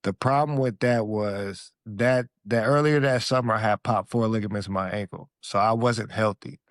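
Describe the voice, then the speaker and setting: Podcast guest, male, low-pitched, dry booth sound, tells stories with energy and slang. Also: normal speed, no echo. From Alaska. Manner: animated storyteller who acts out his own past lines; relaxed slangy speech. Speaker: podcast guest, former pro basketball player. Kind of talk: casual storytelling interview.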